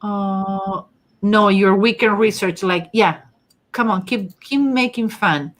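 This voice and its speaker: A woman's voice: medium pitch, slow pace. A woman with a strong non-native accent hosts a casual live session. She chats loosely, reads out viewer comments and answers them as she goes. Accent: non-native English. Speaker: host and face-reading teacher. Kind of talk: casual live-stream talk.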